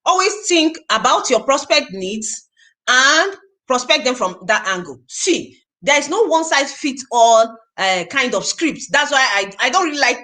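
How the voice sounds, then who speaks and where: Woman, network marketing trainer, high-pitched, very animated, emphatic, repeats herself for emphasis. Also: a little slow. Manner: emphatic and repetitive, drills points home; acts out the prospect conversations in animated voices. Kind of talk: motivational training talk.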